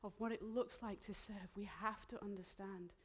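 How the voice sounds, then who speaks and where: A woman preaching a sermon in a church, heartfelt and emotional, dropping into soft whispered asides. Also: mid-range voice, steady tone, normal speed, breathy edge.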